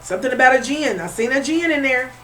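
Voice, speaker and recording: A woman's voice: high voice, lively intonation, fast talker, fairly bright tone, soft background music, rough recording. A woman, giving a casual spiritual reading in a conversational, repetitive and emphatic way. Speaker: spiritual reader.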